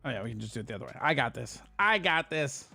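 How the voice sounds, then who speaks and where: A man's voice: medium pitch, big pitch swings, fast, gravelly, bright, forceful tone, faint music behind. A man hosting a casual live stream, talking loosely and swearing as he reads and answers chat messages.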